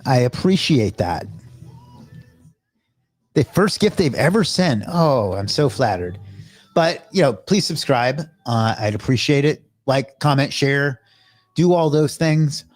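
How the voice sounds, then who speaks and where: A man's voice: mid-range voice, lively intonation, takes it slowly, soft background music. Chatty male live streamer. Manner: chatty, thanks viewers and asks them to subscribe. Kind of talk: casual live stream sign-off.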